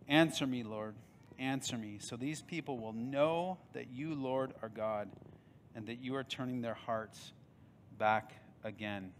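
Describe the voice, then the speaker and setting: Male pastor, mid-pitched, dramatic storytelling sermon with hushed and loud swings. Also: unhurried, slight background noise.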